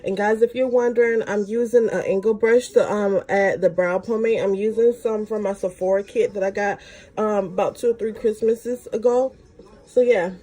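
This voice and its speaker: While applying her makeup, a young beauty vlogger chats through a casual story at normal speed. She uses slang, and her voice leaps up in pitch whenever excitement hits.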